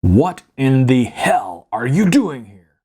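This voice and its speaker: A man's voice: medium pitch, animated, unhurried, dark tone, breathy edge. A man voicing an angry father, a musician who thunders and demands answers from his son. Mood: furious.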